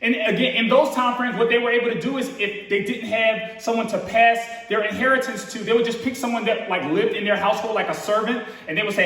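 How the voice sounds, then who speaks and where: A man preaching a casual, conversational sermon in a church, relaxed and slangy, acting out quotes with rising emphasis. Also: sits high, a little fast, few pauses. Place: church hall. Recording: echoey hall from far off.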